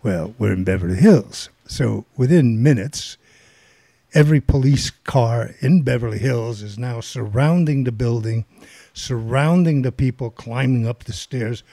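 An older man telling a long anecdote casually, rambling and animated, acting out the people he quotes. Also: medium pitch, a little slow, gravelly, no room sound, clean studio sound. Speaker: guest storyteller.

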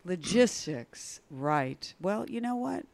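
A woman's voice: on the low side, sing-song, takes it slowly, vocal fry, a little mellow. A woman hosting a casual talk show. She talks frankly and playfully and drifts into rambling asides. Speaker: podcast host. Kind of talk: bawdy casual chat.

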